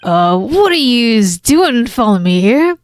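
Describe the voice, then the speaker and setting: A woman's voice: on the high side, sing-song, unhurried. A woman reading aloud as a brash Irish street man, in a put-on Irish accent, chummy and cocky.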